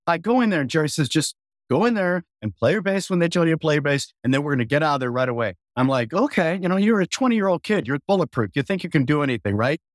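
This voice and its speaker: A man in his sixties tells a story with animated energy, acting out other people's voices and humming bass riffs. His voice sits a little high for a man. The studio sound is close and dry. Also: fast, no echo. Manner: lively storyteller, acts out voices and hums bass lines. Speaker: podcast guest musician.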